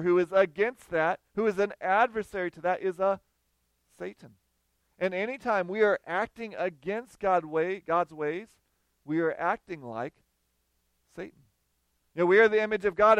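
A man preaching a sermon, reading scripture, then explaining it in a lively, conversational way. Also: sits high, clean tone, no echo. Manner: animated, conversational, acts out quoted voices.

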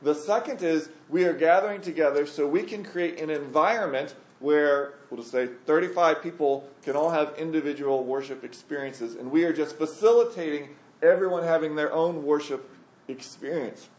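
A man's voice: on the high side, moderate pace, a little mellow, reverberant. A man teaching a Bible study to a group, conversational and emphatic, asking the room questions.

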